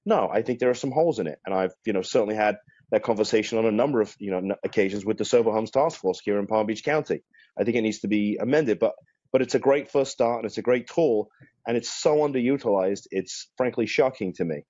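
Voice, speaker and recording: Low, dark-voiced man on a video call. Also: no room sound, highs cut off. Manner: measured, explanatory, many restarts. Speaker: guest attorney. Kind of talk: remote panel discussion.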